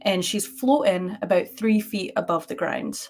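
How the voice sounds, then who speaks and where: Woman, stream co-host, animated and chatty, full of "like" fillers, webcam sound, mid-pitched voice. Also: moderate pace. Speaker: podcast co-host. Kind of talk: casual live-stream storytelling. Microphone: webcam on a live stream.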